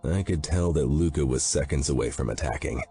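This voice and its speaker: A man's voice: rumbling low, fairly quick, mellow, faint music behind. A man narrating a first-person audiobook in a grim, intense manner.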